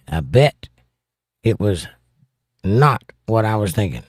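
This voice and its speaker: A man's voice: lowish voice, big pitch swings, unhurried, pauses often, a little mellow, dry recording, clean studio sound. Joking American man reading live chat. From United States. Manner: joking, playfully combative banter. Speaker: livestream host. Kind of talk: casual livestream chat, reading viewer comments.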